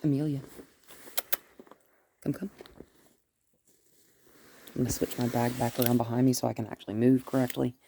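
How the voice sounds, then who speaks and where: A woman dog trainer narrating a live training session, giving gentle, coaxing praise that often drops to a whisper. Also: extremely low pitch, steady tone, moderate pace, pauses often, a little hiss or hum.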